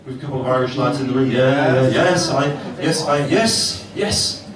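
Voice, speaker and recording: A middle-aged man hosts a comedy club night, working the crowd with cheeky, sweary stand-up at a normal speed and medium pitch. The recording is noisy and echoey, picked up from far off in the club.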